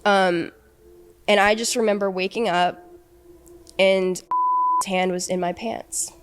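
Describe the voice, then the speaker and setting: Young woman, interview guest, mid-pitched voice, emotional and halting delivery. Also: steady tone, fairly bright tone, clear, resonant tone. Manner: halting and emotional, with many fillers and restarts. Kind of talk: recounting a personal ordeal in an interview.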